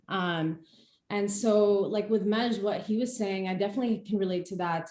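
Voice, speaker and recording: A young woman from Palestine, speaking in a casual chat and telling stories in an animated way with frequent laughs. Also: mid-range voice, a little fast. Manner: animated storytelling, laughs often. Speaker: guest speaker.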